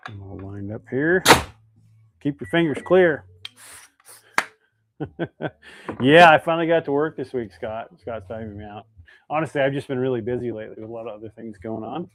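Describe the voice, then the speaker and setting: Guy chatting on a live stream while making fishing lures, reads comments out loud. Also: mid-range voice, normal speed, long pauses, a little hiss or hum. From Idaho, United States. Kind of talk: casual live stream chat.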